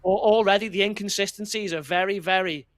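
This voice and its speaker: A man's voice: sits high, steady tone, a little fast, fairly bright tone. A man co-hosting a casual political chat, talking bluntly and swearing as he rambles. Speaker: podcast co-host.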